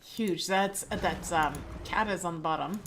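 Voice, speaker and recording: A woman from Canada hosting an esports stream, giving relaxed, chatty game commentary and laughing often. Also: on the low side, normal speed. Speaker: esports caster and stream host. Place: home streaming setup. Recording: steady background noise.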